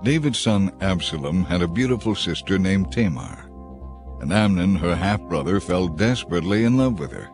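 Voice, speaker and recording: A man with a fairly low voice reads a scripted story in an even, measured way. Clear background music plays beneath his narration, keeping a calm audiobook feel.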